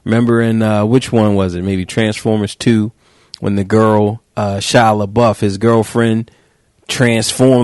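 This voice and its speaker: A man hosting a podcast, riffing in a joking, slangy, animated way. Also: fairly low pitch, moderate pace, no room sound, studio quality. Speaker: podcast host. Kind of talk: casual podcast chat.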